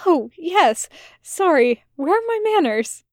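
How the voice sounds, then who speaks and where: A woman's voice: high-pitched, sing-song, unhurried, dry recording, studio quality, pitched above the performer's own voice, exaggerated voice. Woman doing a polite, fussy male angel.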